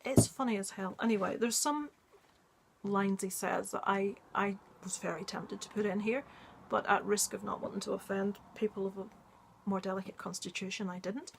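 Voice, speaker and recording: A woman's voice: medium pitch, steady tone, moderate pace, gravelly, slight background noise. A woman movie vlogger in casual chat, talking in a rambling way with many ums and asides.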